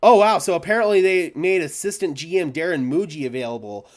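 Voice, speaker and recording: A young man hosting a fan live stream, stammering and overwhelmed, swinging from hushed thanks to shouting. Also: a little high, brisk. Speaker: fan channel host.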